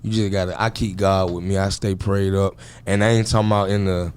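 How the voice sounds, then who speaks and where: A man, talking as an interview guest in a relaxed, slangy storytelling way. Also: sits low, brisk, clear, resonant tone. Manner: laid-back, storytelling, slangy. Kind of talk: casual interview talk.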